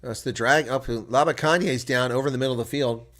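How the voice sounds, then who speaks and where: A man doing solo live-stream rugby commentary with a mid-range voice. He mutters quietly to himself between passages of play. When the action heats up, he gets loud and excited and argues with the referee's calls. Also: medium pitch, quick pace. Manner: muttering to himself while checking results.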